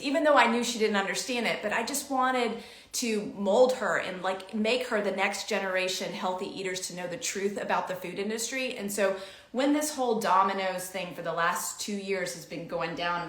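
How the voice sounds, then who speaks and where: Animated middle-aged woman host, bright tone, roomy echo. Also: normal speed. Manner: animated, acts out quoted dialogue with big pitch jumps. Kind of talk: casual storytelling chat. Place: home room. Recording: echoey room.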